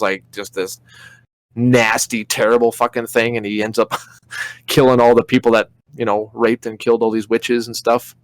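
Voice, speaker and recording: A man's voice: mid-range voice, no room sound. Young man, podcast co-host, rambling, profane, dry close sound. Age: young adult. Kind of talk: casual chat.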